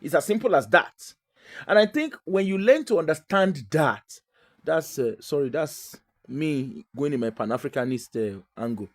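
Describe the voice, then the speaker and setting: A woman's voice: low-pitched, lively intonation, moderate pace. Chatty Nigerian woman, emphatic monologue. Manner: chatty, emphatic and digressive, with frequent fillers. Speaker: host. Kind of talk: casual monologue.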